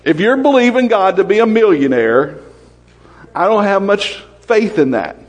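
A man preaching a sermon, quick-fire and lively, often asking questions of the congregation. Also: high-pitched, in a large hall.

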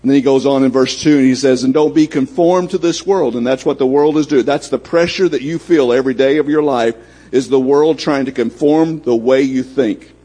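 A man's voice: medium pitch, brisk, warm tone, slightly rough. A man preaching a sermon in a folksy, conversational way, acting out little bits of dialogue as he goes. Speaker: pastor.

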